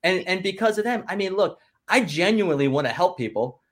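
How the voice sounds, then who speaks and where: A man speaking as a business coach guest, giving an energetic motivational talk, emphatic and rallying, often cutting in with "listen" and "guess what.". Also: high voice, a little fast.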